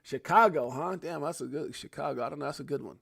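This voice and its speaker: A man's voice: fairly high pitch, fast, gravelly, a bit bright, dry recording. Chill guy in his 40s hosting a live stream, talks to chat like family, dry close sound. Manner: laid-back, chatty, calls viewers bro and fam. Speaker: livestream host. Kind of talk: casual live chat reading viewer comments.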